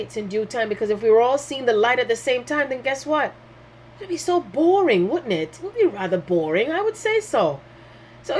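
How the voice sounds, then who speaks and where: A woman's voice: on the high side, a little hiss or hum. A woman giving a casual spiritual talk in a heartfelt, rambling way, full of fillers and restarts, with sudden jumps in her voice. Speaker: spiritual teacher.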